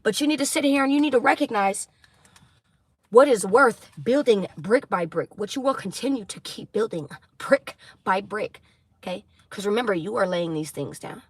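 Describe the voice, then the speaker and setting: A woman giving a tarot reading to her viewers, preaching intensely, swearing, and apologizing for getting loud. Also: medium pitch, expressive, normal speed, slightly rough, no room sound. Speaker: tarot reader.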